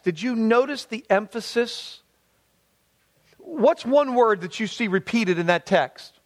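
Higher-voiced animated male preacher. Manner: animated preaching, slows for emphasis, reads scripture in a lower voice. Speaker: pastor. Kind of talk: sermon.

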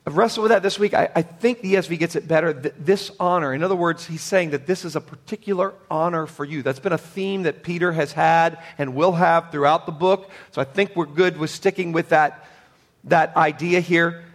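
A male pastor delivers a sermon in a fairly high-pitched voice. He is emphatic, rising to loud declarations and then sinking to hushed tones. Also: fairly quick.

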